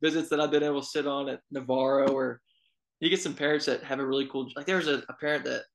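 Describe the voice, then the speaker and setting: A man's voice: mid-range voice, fast talker, vocal fry, rough recording. A young man, an assistant college baseball coach, telling stories casually in an interview with many fillers. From Texas. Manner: storytelling, relaxed, many fillers.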